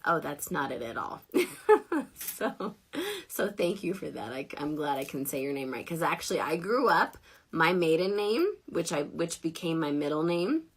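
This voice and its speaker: A woman in her thirties hosting a casual livestream, chatty and giggly, self-deprecating, sounding tired and low on energy. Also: bright, forceful tone. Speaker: network marketing livestream host.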